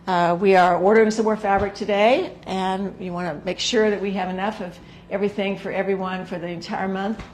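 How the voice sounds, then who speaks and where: A woman hosting a sewing show, talking casually to the camera in a hoarse, gravelly voice, chatty and rambling with filler words. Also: mid-range voice, a little hiss or hum. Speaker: sewing instructor and show host.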